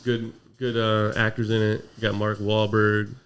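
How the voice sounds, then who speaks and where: Laid-back low-voiced young man chatting. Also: completely flat delivery, moderate pace, a bit bright, a little hiss or hum. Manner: laid-back, brief agreeing replies. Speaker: podcast co-host. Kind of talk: casual chat.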